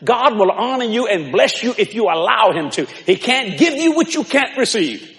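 An older man preaching a sermon to a congregation in folksy storytelling style, building up to shouts. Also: high-pitched, sing-song, normal speed, creaky. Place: large church hall with congregation. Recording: reverberant church hall with crowd.

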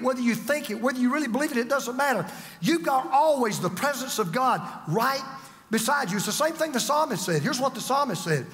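A man preaching a sermon as pastor, swinging from forceful lines to hushed, drawn-out words. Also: very high-pitched, in a large hall.

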